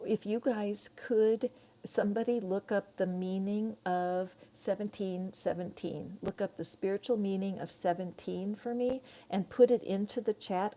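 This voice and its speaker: A woman's voice: mid-range voice, warm tone. A middle-aged woman giving a live tarot reading, chatty and rambling, talking straight to her viewers. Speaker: tarot reader.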